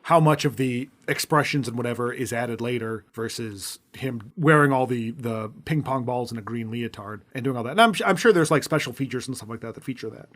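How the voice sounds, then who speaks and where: A man's voice: mid-range voice, fairly quick, hardly any pauses, fairly bright tone. A man co-hosting a podcast in casual chat, dry and wry, joking through long lists. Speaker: podcast co-host.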